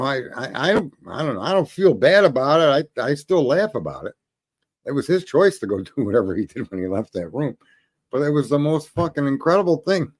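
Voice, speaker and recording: Animated, profane storytelling man. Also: mid-range voice. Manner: profane, animated, laughing often. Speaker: host. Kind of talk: casual storytelling monologue.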